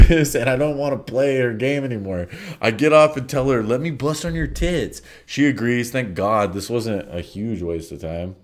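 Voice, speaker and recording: A man's voice: medium pitch, a little mellow. A man telling a crude comedic story in a blunt, offhand way, with bored asides.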